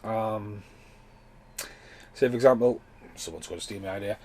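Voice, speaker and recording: A man's voice: on the low side, normal speed, darkish tone, poor audio. Rambling, sweary man. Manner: rambling, sweary, loose chatty delivery. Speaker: podcast host. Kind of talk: casual film commentary.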